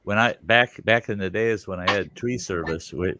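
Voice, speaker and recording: Low-voiced Midwestern man telling a story. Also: moderate pace, noisy background. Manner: animated storyteller, acts out voices, swears freely. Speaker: livestream host. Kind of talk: casual storytelling chat.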